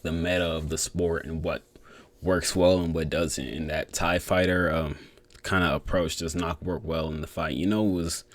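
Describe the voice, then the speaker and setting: A young man with a low voice talks through fight results in a loose, unscripted way. He swears a lot, trails off and restarts his sentences. The sound is dry and close, with no room echo. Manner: rambling, profane, many fillers and restarts. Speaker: MMA commentator giving fight reactions. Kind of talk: casual solo commentary.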